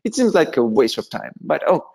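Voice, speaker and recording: A man with a Russian accent, a guest telling animated anecdotes in a casual interview, with frequent fillers and laughter. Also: on the high side, fairly quick, creaky, husky.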